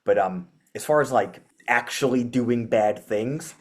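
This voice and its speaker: Rambling, animated man in a casual chat. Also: medium pitch, unhurried. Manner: rambling, lots of fillers, animated retelling. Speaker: guest musician.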